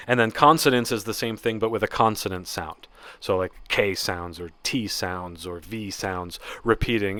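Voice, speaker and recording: A man giving a casual spoken poetry lesson, explaining in a relaxed way with occasional fillers. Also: on the low side, dry recording. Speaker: poetry teacher.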